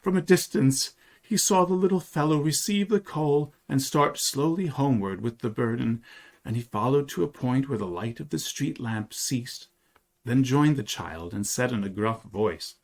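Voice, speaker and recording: A man reading a 19th-century story aloud, telling it in an expressive, dramatic way. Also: mid-range voice, normal speed. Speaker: reader.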